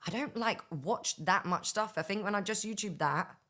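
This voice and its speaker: A woman's voice: medium pitch, moderate pace, fairly bright tone. A woman in her thirties from Bristol, with a London-tinged accent, chatting casually as a guest and laughing often. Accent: London-influenced English. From Bristol, England. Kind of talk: casual chat.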